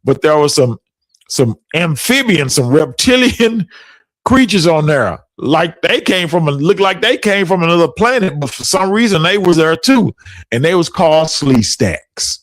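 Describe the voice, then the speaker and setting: Middle-aged man, podcast host, casual storytelling, laughs often, pitch swinging all over, dry sound. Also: a little slow, no echo. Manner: animated, laughs often while telling stories.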